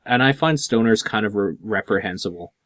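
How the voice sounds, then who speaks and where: A man in his thirties hosting a podcast in casual chat, blunt and quick to swear. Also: lowish voice, lively intonation, a bit bright, no room sound, studio quality. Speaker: podcast host.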